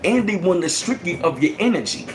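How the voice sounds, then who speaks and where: Animated, ranting man in echoey room. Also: high voice, a little fast, a little hiss or hum. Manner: animated, profane, repetitive ranting. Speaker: channel host. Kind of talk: casual ranting livestream.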